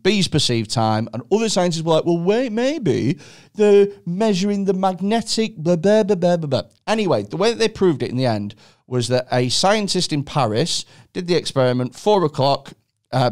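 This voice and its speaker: A man hosting a podcast, telling stories in an excitable, sweary, comedic way. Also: mid-range voice. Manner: animated, sweary, excitable storytelling. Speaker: podcast host. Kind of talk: casual comedic chat.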